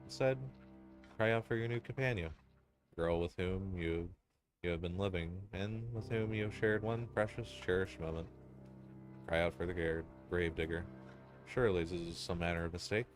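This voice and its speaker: A man narrating a dark second-person story in a solemn, ominous and deliberate way. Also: low voice. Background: music.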